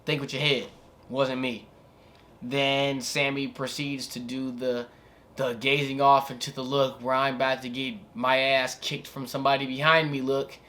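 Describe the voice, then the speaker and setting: A man's voice: medium pitch, flat delivery, moderate pace, bright, forceful tone. A young man giving casual reaction commentary as a wrestling vlogger, laid-back and slangy, rambling with filler asides.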